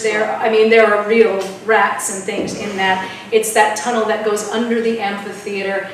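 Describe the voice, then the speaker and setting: A woman telling a spooky story at an open mic, dramatic and dropping to a hush at tense moments. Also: mid-range voice, fairly even intonation, a little slow, slight background noise. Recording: echoey room from far off.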